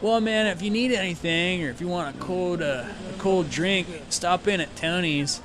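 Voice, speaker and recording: A man's voice: high-pitched, normal speed, crowd noise, pitched above the performer's own voice, natural voice. A man voicing a timid young male pizza delivery guy who talks friendly and eager in a tabletop game.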